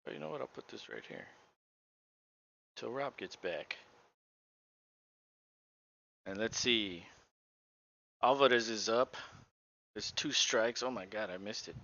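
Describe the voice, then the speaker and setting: Man, casual play-by-play, slow, bright voice, dull lo-fi sound. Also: fairly low pitch, creaky. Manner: laid-back, sarcastic asides. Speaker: podcast co-host.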